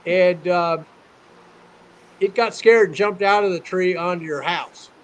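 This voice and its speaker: A man's voice: high-pitched, measured pace, low-quality recording. A man voicing a nervous middle-aged male neighbor who breaks bad news bit by bit.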